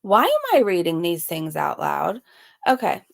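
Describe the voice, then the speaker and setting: A woman's voice: lowish voice, huge pitch swings, unhurried, vocal fry. A woman hosting a casual reaction commentary, making amused and incredulous asides. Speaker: commentary channel host.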